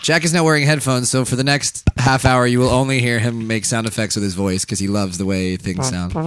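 A man's voice: medium pitch, a little fast, fairly bright tone, smooth, no room sound. Joking crude male podcast co-host. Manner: joking, crude, laughing often. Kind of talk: casual comedic banter.

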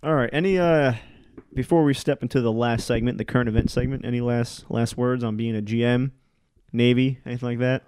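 Fast-talking man hosting a podcast. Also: medium pitch, fairly even intonation, darkish tone, smooth. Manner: quick, easygoing, steers the segments. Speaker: podcast host. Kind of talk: casual chat.

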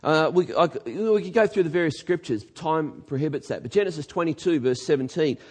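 This is a pastor delivering a sermon in a high-pitched voice. He is emphatic and swings between quiet, low remarks and shouted declarations. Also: animated, fairly quick, husky.

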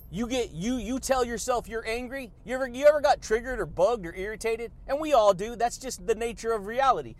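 High-voiced guy doing a hyped motivational podcast rant, laughing a lot, calls everyone baby. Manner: hyped, repeats "yeah, buddy" and "baby", laughs often. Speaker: podcast host.

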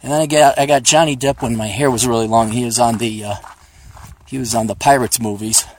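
A man's voice: medium pitch, fairly even intonation, a little fast, a little hiss or hum. A man hosting a podcast, rambling in a profane, sarcastic, joking way while out on a hiking trail, recorded on a phone. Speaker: podcast host. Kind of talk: casual rambling monologue.

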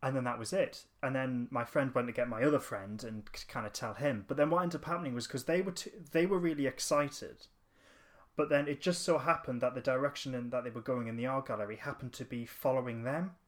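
Speaking a little fast in a mid-range voice with fairly even intonation, this man co-hosts a casual podcast. He tells a lengthy, rambling story, restarting often and leaning on fillers.

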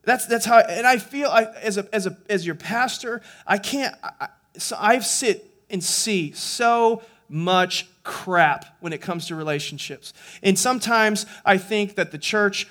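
A man with a high-pitched voice preaching a sermon as a pastor. He talks to the congregation conversationally, often restarting and repeating words, and works up to emphatic points. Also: a little slow, fairly bright tone.

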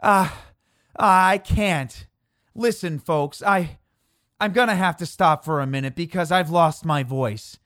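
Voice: medium pitch, wildly swooping pitch, slow pace, hardly any pauses, dry recording, studio quality, pitched above the performer's own voice. A narrator reenacting a 1930s male radio reporter describing a disaster as it happens, breathless, with broken-off exclamations. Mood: distraught.

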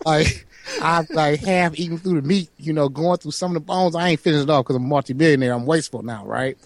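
A man's voice: a little high, quick pace. A man co-hosting a casual comedy chat, laughing often and acting out bits. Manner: laughs often, acts out bits in put-on voices. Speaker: podcast co-host.

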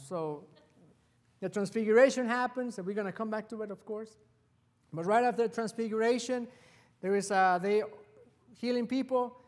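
A man preaching a sermon as pastor, telling the story with animated delivery and acting out the quoted lines. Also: high-pitched, big-room sound. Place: church sanctuary.

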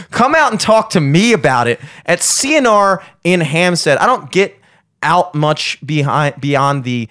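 A man's voice: on the high side, animated, unhurried, fairly bright tone, dry recording. Young man, podcast host, profane and joking, rambling, dry close sound. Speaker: podcast host and gigging musician. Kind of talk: casual podcast banter.

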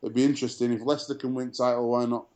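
A man's voice: mid-range voice, level tone, racing, darkish tone. A man co-hosting a casual sports chat show, telling stories full of fillers and restarts. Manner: chatty storyteller, many fillers and restarts. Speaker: podcast co-host.

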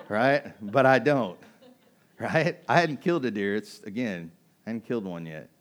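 Low-voiced pastor telling stories. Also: male voice, moderate pace. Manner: conversational, animated storytelling with asides to the congregation. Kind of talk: sermon with personal storytelling. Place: restaurant used as a church hall.

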